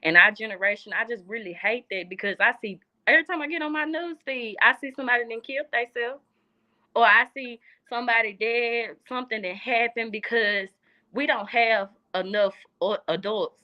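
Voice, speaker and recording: A woman's voice: on the high side, moderate pace, lo-fi sound. A young woman in casual conversation, speaking earnestly and from the heart, repeating phrases for emphasis. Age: young adult. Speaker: guest. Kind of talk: casual chat.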